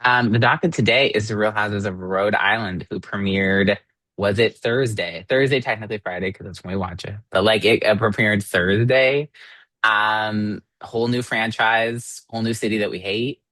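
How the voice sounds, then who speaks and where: A man co-hosting a podcast in casual chat, animated and swearing, his voice jumping up when exasperated. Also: lowish voice, moderate pace, no echo. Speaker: podcast co-host.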